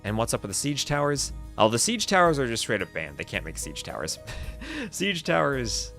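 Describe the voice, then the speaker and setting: A man's voice: mid-range voice, wildly swooping pitch, moderate pace, vocal fry, a bit bright, faint music behind. A man casting a strategy game on a live stream, calling the play and chatting with his viewers. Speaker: esports caster and stream host.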